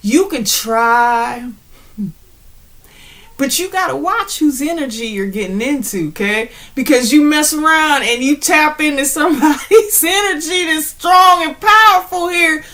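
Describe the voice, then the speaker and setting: A woman giving an animated, slangy spiritual pep talk straight to her viewers, often laughing between points. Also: high voice, measured pace. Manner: preachy, addresses viewers directly. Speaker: spiritual channel host.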